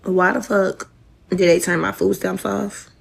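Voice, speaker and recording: Woman venting on a phone clip, gravelly, cursing, annoyed. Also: mid-range voice, level tone, unhurried. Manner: profane, exasperated, talking straight to viewers. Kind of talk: casual social media rant.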